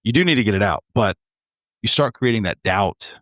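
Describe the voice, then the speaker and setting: Deep-voiced man giving earnest advice. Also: animated, a little fast, a bit bright, no room sound, clean studio sound. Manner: earnest and reflective, speaks to other men as bro. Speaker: podcast co-host. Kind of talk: casual chat.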